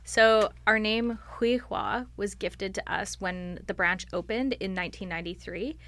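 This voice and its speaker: A woman's voice: mid-range voice, measured pace, a bit bright. A woman on staff answering interview questions in a thoughtful, explanatory way, often using "like" as a filler. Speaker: library staff member.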